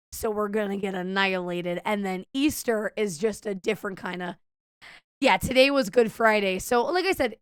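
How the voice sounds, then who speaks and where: A young woman streams and talks to her viewers in an animated, swearing storytelling style, stumbling now and then over her words. Her voice sits a little high and sounds bright and crisp. It is recorded close on a mic in a dry room. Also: no room sound. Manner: animated storytelling, quoting herself, swears often, slight stutter. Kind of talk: casual chat to stream viewers.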